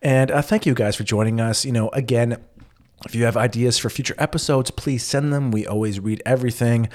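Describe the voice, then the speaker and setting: A man's voice: mid-range voice, a little fast. A man co-hosting a casual podcast, chatting loosely and often repeating words as he restarts. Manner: rambling, repeats words, relaxed. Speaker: podcast co-host. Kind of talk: casual chat.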